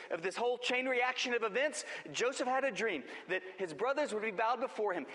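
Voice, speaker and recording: A man preaching a sermon, telling the story dramatically and acting out the quoted lines, swinging between booming and hushed. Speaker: pastor. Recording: long hall reverb.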